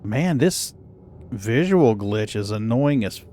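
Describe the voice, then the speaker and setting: A man's voice: mid-range voice, expressive, slow, dark tone, a little hiss or hum. A man streaming a space game, chatting casually and swearing freely while he plays. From North Dakota. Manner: laid-back, swears casually. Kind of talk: casual gaming chat.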